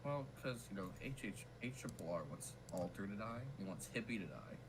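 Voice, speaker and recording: A young man with a Southern US accent, chatting casually while hosting a weather livestream, tripping over his words when excited. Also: fairly low pitch, a little fast, noisy background. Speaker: weather stream host.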